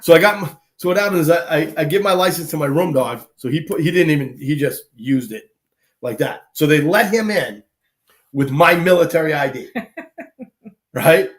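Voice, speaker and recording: A man, casually telling lively army anecdotes on a live talk show and acting out the people he quotes. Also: fairly high pitch, normal speed. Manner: animated anecdotes, acts out quoted people, laughs often. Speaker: guest storyteller, army veteran.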